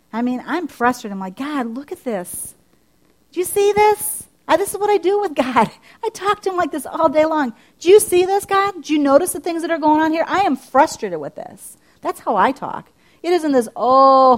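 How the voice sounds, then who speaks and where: A middle-aged woman preaching a sermon in a conversational way, asking her listeners one question after another and jumping up in pitch as she acts out her own prayers. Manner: lively, climbing high when acting out her own prayers.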